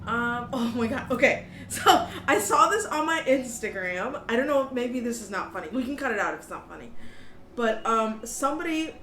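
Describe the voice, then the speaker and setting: A woman's voice: fairly high pitch, sing-song, normal speed, a bit bright, a little hiss or hum. A woman co-hosting a podcast, chatting casually with lots of giggles and fillers. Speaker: podcast co-host. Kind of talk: casual chat. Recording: echoey room recording.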